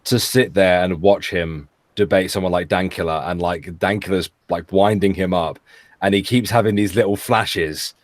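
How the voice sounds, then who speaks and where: A man with a very deep voice rambles through casual stream banter, stumbling over his words and chuckling along the way. His voice sounds dry and close, with no room around it. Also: fairly even intonation, moderate pace, no room sound. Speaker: guest co-host. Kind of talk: casual live-stream chat.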